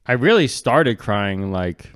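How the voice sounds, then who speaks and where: A young man chatting casually as a podcast co-host, laid-back and halting, with lots of fillers. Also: on the low side, very animated, clear, resonant tone, dry recording. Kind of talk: casual chat.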